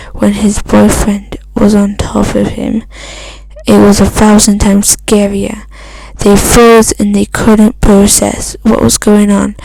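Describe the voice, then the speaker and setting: A woman's voice: mid-range voice, creaky, dark tone, a little hiss or hum, rough recording. A woman reading a fan story aloud, stumbling and restarting often. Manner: halting reading with frequent restarts. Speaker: fan fiction reader.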